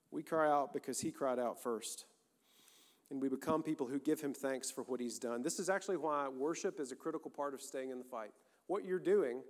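A man preaching a sermon as pastor, earnest and emphatic, with rising bursts of intensity. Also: fairly high pitch. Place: church sanctuary. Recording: long hall reverb.

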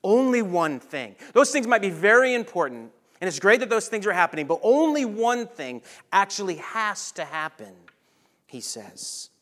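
A man delivers a sermon in a high, bright-toned voice. He preaches with lively energy, then drops to hushed, soft lines to make a point. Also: normal speed. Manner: animated preaching, dropping to soft near-whispers on key lines. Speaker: pastor.

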